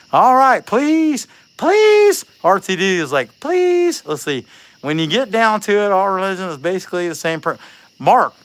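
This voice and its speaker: A man chatting casually while hosting a carving livestream, rambling and joking with plenty of fillers. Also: on the high side. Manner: rambling, joking, many fillers, lively storytelling. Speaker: chainsaw carver and livestream host.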